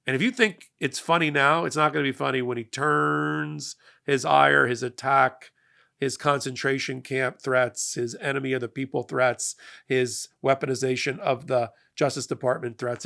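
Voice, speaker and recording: Fired-up gravelly male political host. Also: medium pitch. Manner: emphatic, energetic, rising to loud peaks. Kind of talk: passionate political monologue.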